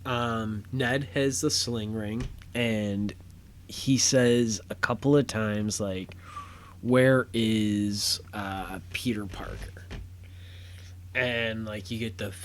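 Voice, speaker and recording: A podcast host gives a casual spoken film review, talking slowly and rambling with lots of fillers and restarts. He gets loud and excited at the big moments. His voice is fairly low, with slight background noise.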